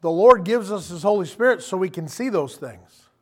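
A man delivers a sermon in a high-pitched voice. He talks to the congregation conversationally and animatedly, slipping into quoted voices as he goes. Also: expressive, normal speed, a bit bright. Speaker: preacher.

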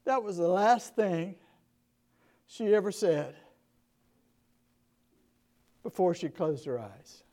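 A male pastor with a Southern US accent telling stories in a sermon, earnest and emphatic, moving between quiet and loud passages. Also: sits high, animated, slow pace, long pauses. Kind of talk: sermon storytelling.

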